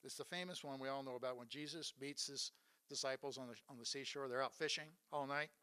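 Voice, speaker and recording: A man's voice: medium pitch, steady tone, fast, sharp tone, smooth. A man preaching a sermon, retelling Bible stories in an earnest way and asking his listeners rhetorical questions.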